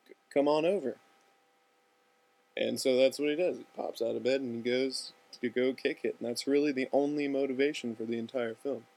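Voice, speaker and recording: A young man casually telling a storyboard film scene by scene in slangy talk, jumping into loud, high-pitched voices for the characters. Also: fairly even intonation, a little fast, creaky, hardly any pauses. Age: young adult. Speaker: student filmmaker narrating a storyboard. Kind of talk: casual storytelling with acted-out dialogue.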